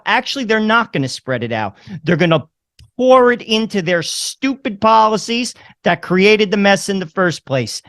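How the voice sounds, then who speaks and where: A man's voice: a little high, no echo, clean studio sound. Fiery ranting commentary man from New Jersey. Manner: fiery, ranting, rising to near-shouts. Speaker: political commentary host. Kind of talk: opinionated news commentary.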